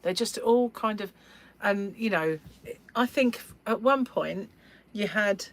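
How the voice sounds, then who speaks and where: A woman's voice: medium pitch, slow, poor audio. A middle-aged woman from England chatting at length during a live crochet stream, rambling and laughing often, gushing over yarn colours. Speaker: yarn shop owner and livestream host. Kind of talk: casual chat while crocheting.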